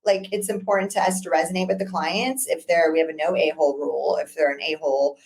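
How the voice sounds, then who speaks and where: A woman's voice: sits low, fairly even intonation, fast talker, a little mellow. Give me a chatty woman guest who laughs often while telling stories in a casual interview. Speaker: business broker guest.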